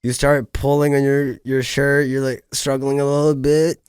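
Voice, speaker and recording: A man's voice: medium pitch, level tone, moderate pace, a little mellow, smooth, dry recording, studio quality. A young man co-hosting a podcast, chatting casually and narrating role-play scenes with animation. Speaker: podcast co-host. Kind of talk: casual chat.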